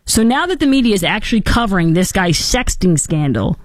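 A woman's voice: mid-range voice, brisk, no room sound. Sarcastic woman political host, dry sound. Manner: sarcastic, animated, mocking asides. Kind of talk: opinionated political commentary.

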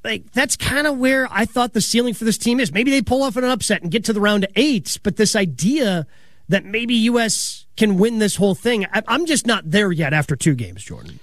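A man hosting a sports radio show, chatting casually with quick asides and frequent laughter. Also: high voice, lively intonation, fairly bright tone, no echo, clean studio sound.

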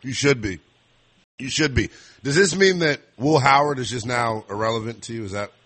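Brief: young man, sports radio host, husky, teasing and jokey. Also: mid-range voice, a bit bright. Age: young adult. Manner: joking, teasing, quick asides. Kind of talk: casual call-in chat.

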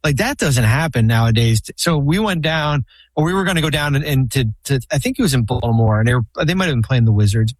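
A man's voice: mid-range voice, animated, quick pace, no room sound. A man guest on a talk show telling long, rambling anecdotes with many restarts and fillers. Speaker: podcast guest, former basketball team executive. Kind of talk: casual storytelling chat.

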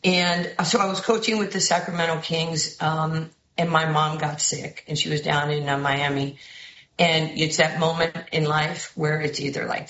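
Low-voiced woman with a New York accent, telling stories. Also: roomy sound, dull audio, a little hiss or hum. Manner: lively storyteller who acts out quoted voices. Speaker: basketball head coach, guest. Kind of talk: animated storytelling interview.

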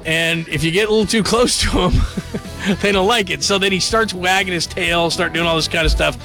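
A man's voice: high-pitched, fairly even intonation, moderate pace, sharp tone, faint music behind. A man hosting a late-night sports radio show, talking loosely and joking with plenty of fillers. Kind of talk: casual radio talk. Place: radio studio. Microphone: studio mic.

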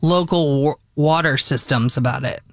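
A woman's voice: deep voice, no echo, studio quality. A woman sitting in as a co-host, chatting casually and laughing at herself. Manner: self-deprecating, quick, laughing often. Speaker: fill-in co-host. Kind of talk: casual radio banter.

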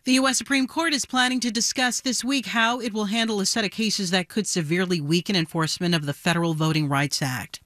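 A man anchoring a radio newscast with a measured, deliberate delivery. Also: high voice, fairly bright tone, no echo. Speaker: news anchor. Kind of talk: newscast reading.

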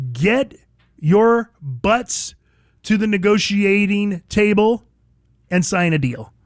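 A male talk radio host speaking in a high-pitched voice, emphatic and combative, hammering points home through repetition. The sound is dry and close, with no room around it. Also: dry recording. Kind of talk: opinionated talk radio monologue.

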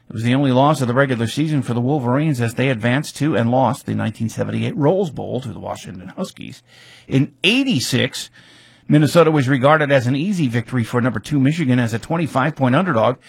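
A man's voice: mid-range voice, fast talker, creaky, husky, dry recording. A man recapping a football rivalry's history in casual talk, reading facts with offhand asides and fillers.

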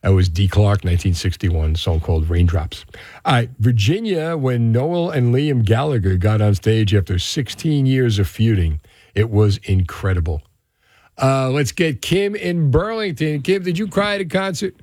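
A man's voice: medium pitch, expressive, normal speed, a little mellow, dry recording. A man hosting a call-in radio show from a studio, chatting casually with callers and drifting into reflective musings. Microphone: studio microphone.

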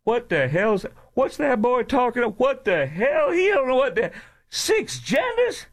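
A man voicing an exasperated, gruff man in his sixties who scoffs in disbelief. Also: very high-pitched, big pitch swings, measured pace, pitched above the performer's own voice, heavily acted. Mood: incredulous.

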